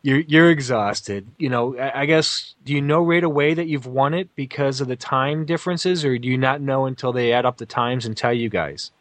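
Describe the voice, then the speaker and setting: A man's voice: mid-range voice, moderate pace, few pauses, no echo. Guy hosting an interview, mid voice, dry sound, friendly and a bit rambly. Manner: friendly, restarts his questions. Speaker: host interviewer. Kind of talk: casual interview chat.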